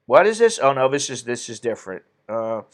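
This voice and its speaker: A man's voice: medium pitch, sing-song, a little fast. A man hosting an opinionated commentary stream, ranting indignantly and reading viewer comments aloud. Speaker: political commentary host.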